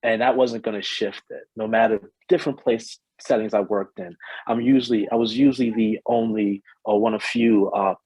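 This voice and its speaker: A man speaking on a discussion panel, reflective and steady as he recalls his experiences. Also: fairly low pitch, moderate pace, husky, dry recording, low-quality recording.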